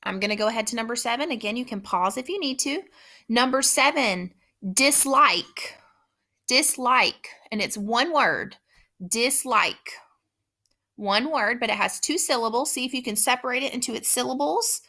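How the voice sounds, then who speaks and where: A woman teacher giving a spelling dictation lesson, speaking slowly and repeating each word with patient care. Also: fairly high pitch, bright, forceful tone. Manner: slow, patient, repeats words carefully.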